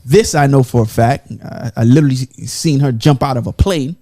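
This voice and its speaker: A man's voice: medium pitch, brisk, dark tone. A man hosting a casual podcast chat, telling stories and laughing often. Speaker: podcast host.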